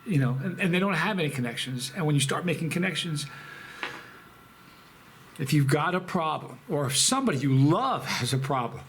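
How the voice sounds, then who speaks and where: A man hosting a chili pepper channel, talking casually to camera in a rambling, halting, emotional way with many restarts. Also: a little high, animated, a bit bright, a little hiss or hum. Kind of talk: casual vlog talk to camera.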